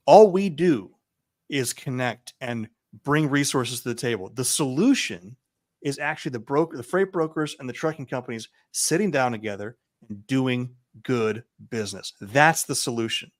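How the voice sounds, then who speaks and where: A man's voice: mid-range voice, animated, no echo. Emphatic man, dry close sound. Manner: emphatic, deliberate, explaining. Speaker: podcast guest, event founder. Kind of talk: casual interview chat.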